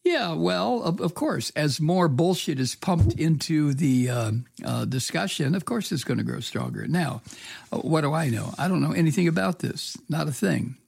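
A man's voice: a little high, animated, moderate pace, vocal fry, darkish tone, slightly rough, no echo, clean studio sound. A man giving solo political commentary, reading news aloud and breaking off into profane, sarcastic rants with many fillers and restarts. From from the US state of Georgia.

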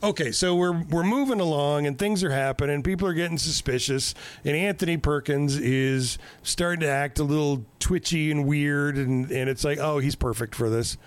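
A man's voice: on the high side, moderate pace, hardly any pauses, smooth, no echo. A man on a casual podcast, recapping a movie in a rambling, joking, profane way.

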